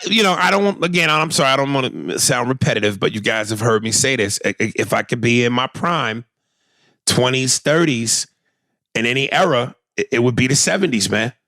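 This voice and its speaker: A man co-hosting a podcast in casual chat, animated and swearing freely. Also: mid-range voice, a little fast, no echo, clean studio sound. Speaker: podcast co-host.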